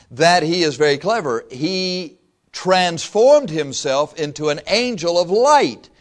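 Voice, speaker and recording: A man preaching a sermon as pastor, slow and emphatic, drawing out his phrases for weight. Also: mid-range voice. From raised Catholic.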